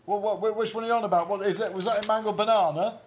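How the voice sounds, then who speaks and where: A man's voice: high voice, fairly even intonation, racing, a little hiss or hum. A man hosting a comic improvised quiz bit on a podcast, bumbling and hesitant. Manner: bumbling, hesitant, often laughing. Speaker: podcast co-host playing quiz host.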